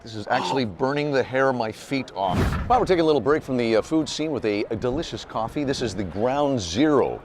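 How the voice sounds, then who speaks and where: A man's voice: medium pitch, lively intonation, brisk, few pauses, noisy background. A man hosting a travel show, giving wry, teasing commentary.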